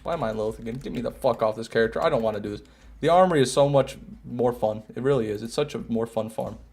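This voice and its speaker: A man's voice: medium pitch, fast, vocal fry, darkish tone. A young man streaming a video game, chatting casually and grumbling to his chat. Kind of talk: casual gameplay commentary.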